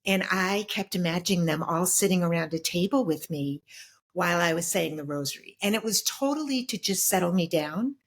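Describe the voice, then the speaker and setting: A middle-aged woman with a lowish voice shares her personal story as an interview guest. She sounds reflective and halting, with many fillers and restarts.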